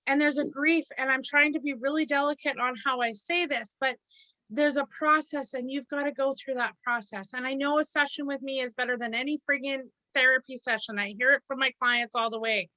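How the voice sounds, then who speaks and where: A woman's voice: high-pitched, moderate pace, sharp tone, dry recording, rough recording. A woman giving a live mediumship reading, blunt and lecturing, with casual swearing.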